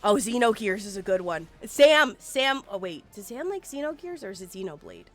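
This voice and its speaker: Woman game streamer, 40s, lively casual chat over faint background music. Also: medium pitch, normal speed. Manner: chatty, animated, swears casually.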